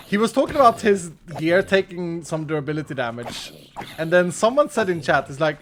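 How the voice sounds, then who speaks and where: A fairly high-voiced man talks through a live gameplay stream, thinking aloud as he plays and chatting back to his viewers. His delivery is loose and conversational, with a faint hiss behind it. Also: animated, normal speed, pauses often, fairly bright tone. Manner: chatty, thinks aloud, reads and answers chat. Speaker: streamer playing a modded block game.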